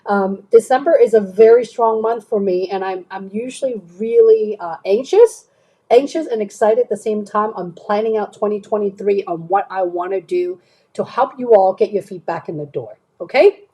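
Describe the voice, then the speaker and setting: A woman's voice: medium pitch, moderate pace, mellow, slightly rough, rough recording. A woman career coach chatting on a live stream, answering viewers' questions and often checking in with "okay?".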